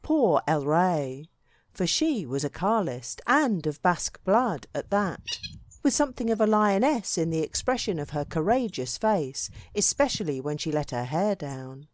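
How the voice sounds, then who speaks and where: Expressive woman reading a classic book. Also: fairly low pitch. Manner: measured, expressive reading with varied emphasis. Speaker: audiobook reader.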